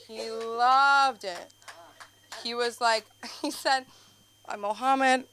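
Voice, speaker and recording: A woman's voice: very slow, a little hiss or hum. Young woman rambling through stand-up. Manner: rambling, filler-heavy storytelling with frequent "like"; animated, jumps up in pitch for punchlines. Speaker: stand-up comedian. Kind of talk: open-mic stand-up set. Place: comedy club stage.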